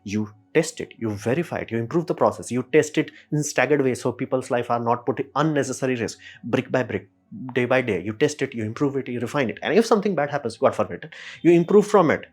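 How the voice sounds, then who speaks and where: A man rants at a rapid clip, blunt and opinionated. His pitch sits in a middling range, and he keeps breaking into quick impressions of the people he argues against. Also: animated, breathy edge. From India. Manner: ranting, blunt, swears, mimics others in quick asides. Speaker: channel host. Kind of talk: opinionated solo commentary.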